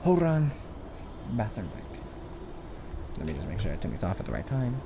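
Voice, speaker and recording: A man's voice: lowish voice, wildly swooping pitch, moderate pace, noisy background. A man hosting a let's play, chatting casually as he plays, rambling, swearing now and then, and rolling his R's. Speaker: gaming channel host.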